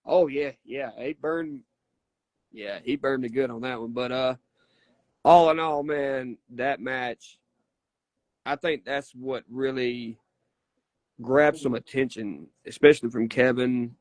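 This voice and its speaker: A man's voice: medium pitch, fairly even intonation, slow, pauses often, no echo. A man, a wrestler telling stories in a casual interview, folksy, emphatic and profane. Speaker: wrestler guest.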